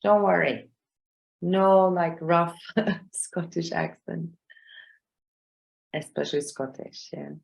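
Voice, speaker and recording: A woman's voice: fairly low pitch, slow pace, gravelly, long pauses, darkish tone. Patient woman teaching, roomy echo. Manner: patient, checks in often with "okay?" and "yeah?". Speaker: exam trainer. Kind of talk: live online class.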